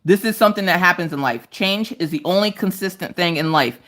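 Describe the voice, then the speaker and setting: On a casual livestream, a woman in her thirties, her voice on the low side and a little fast, animatedly tells family stories and laughs often as she goes.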